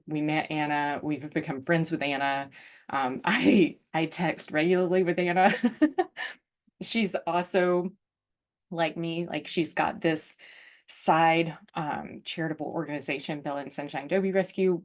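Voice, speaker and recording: A woman host telling a personal story in a casual, chatty way, full of "like" and "um", and openly emotional. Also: sits low. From United States. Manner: chatty, lots of fillers like "like" and "um", emotional.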